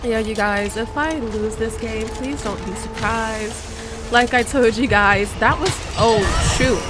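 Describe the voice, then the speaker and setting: A gaming YouTuber with a slightly high voice talks slowly over game music, chatting directly to her viewers about the gameplay. She breaks into dramatic bursts of mock outrage.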